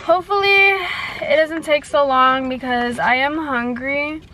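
Brief: high-pitched young woman, chatty and nervous vlogger, slight lisp, faint hum behind her. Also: measured pace, bright, forceful tone. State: pregnant. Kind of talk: casual vlog chat.

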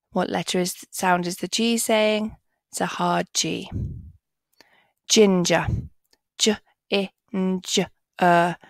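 A woman leads a children's phonics lesson at an extremely slow, careful pace. She sounds each word out letter by letter and then repeats it clearly. Her voice is recorded close and dry, with no room echo. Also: mid-range voice, fairly even intonation. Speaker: phonics teacher.

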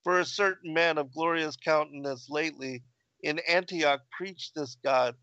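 A man reading the lines of a gentle, reassuring young man in a plain, measured way. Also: fairly high pitch, no echo, dull audio.

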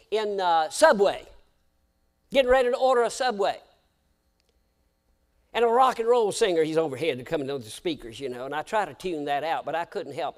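High-voiced preacher swinging from hush to shout. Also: male voice. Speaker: pastor. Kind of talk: sermon. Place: church sanctuary.

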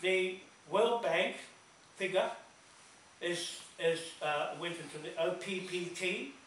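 A man's voice: high-pitched, takes it slowly, a bit bright. A man telling stories at a community meeting, emphatic and repetitive, laughing between points. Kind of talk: animated storytelling talk. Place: large meeting hall. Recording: echoey room from far off, faint noise.

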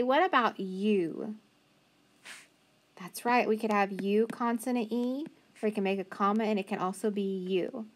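A woman teacher leads young children through a phonics lesson, breaking words into single sounds and stretching them out slowly. She praises each answer in a patient, encouraging way. Her pitch sits right in the middle for a woman.

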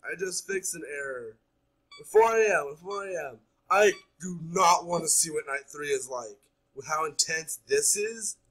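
Jittery young man, husky bright voice. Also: fairly high pitch, moderate pace, poor audio. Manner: jumpy, talks nonstop while scared. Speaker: gaming YouTuber. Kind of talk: horror game let's play commentary.

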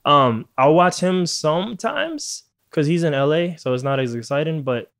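A man's voice: a little high, expressive, moderate pace, vocal fry, fairly bright tone. A man from Puerto Rico hosting a casual podcast, ranting with lots of swearing and frequent laughter. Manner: profane, ranting, laughs often. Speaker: podcast host.

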